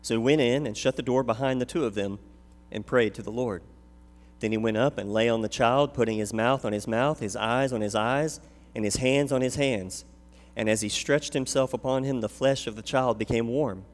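Earnest pastor reading in a hall. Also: male voice, medium pitch, normal speed. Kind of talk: scripture reading and prayer. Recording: long hall reverb.

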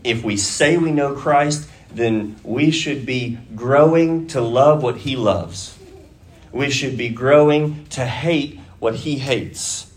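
A man preaching a sermon to a congregation, deliberate and measured, rising to emphatic urging at key points. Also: mid-range voice. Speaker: pastor.

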